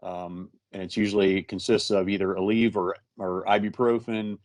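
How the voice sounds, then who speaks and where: A man co-hosting a casual interview, speaking in a relaxed, halting way with frequent restarts. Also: sits low, dry recording. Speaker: co-host and musician.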